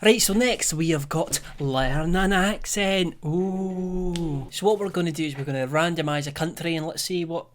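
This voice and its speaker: A man's voice: on the high side, moderate pace. A young Scottish man narrating a comedic vlog in a joking, self-deprecating way, laughing often. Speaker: YouTuber.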